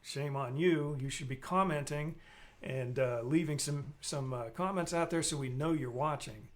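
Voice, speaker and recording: A man's voice: a little high, normal speed. Rambling live stream host man. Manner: rambling, reads viewer comments aloud, jokey. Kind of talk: casual live stream chat.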